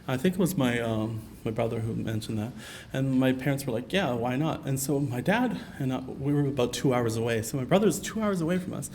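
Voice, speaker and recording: A man of middle pitch delivers a conference keynote, earnest and personal, often pausing on fillers as he tells his story. A faint hiss of room noise sits under his voice. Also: a little mellow. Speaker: keynote speaker. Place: conference hall.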